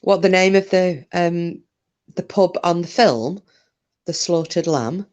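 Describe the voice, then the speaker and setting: A woman's voice: on the low side, slow pace, a little mellow, dull audio. A British woman chats casually through a live stream, rambling from one thought to the next. She answers her viewers' comments one by one, calling them by name. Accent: British English.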